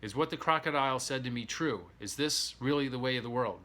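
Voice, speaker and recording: A man's voice: medium pitch, a little fast, sharp tone, pitched above the performer's own voice, natural voice. A man voicing a young boy in a spoken folk tale, pleading and indignant.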